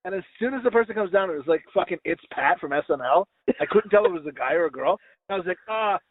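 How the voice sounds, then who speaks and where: A man's voice: lively intonation, fast. A man co-hosting a podcast, telling rambling, crude, self-mocking stories and acting out what people said. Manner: acts out quoted voices in high pitch. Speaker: podcast co-host. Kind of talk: casual storytelling chat. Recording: dry, phone-like lo-fi audio.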